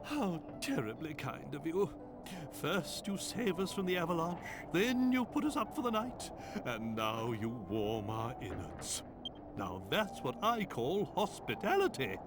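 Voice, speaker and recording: A high, wildly swooping voice for a pompous little monster king. He is haughty and easily offended, and talks with grand theatrical flourish. It plays over game music. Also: sing-song, unhurried. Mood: grandly grateful. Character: cursed old monster king, pompous and indignant. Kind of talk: game voice acting.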